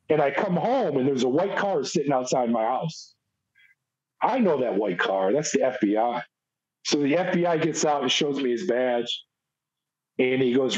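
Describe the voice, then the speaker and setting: A man's voice: fairly high pitch, a little mellow, breathy edge. A middle-aged American man, a former prison officer, telling his story bluntly and emphatically as a podcast guest. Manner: emphatic, blunt storytelling, acts out quoted people. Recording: dull lo-fi audio.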